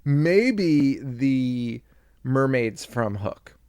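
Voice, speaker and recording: A man's voice: medium pitch, big pitch swings, very slow, darkish tone, smooth, no echo. Male podcast co-host, casual recap chat, laughs a lot, bouncy delivery, dry close-mic sound. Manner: joking, laughs often, acts out lines.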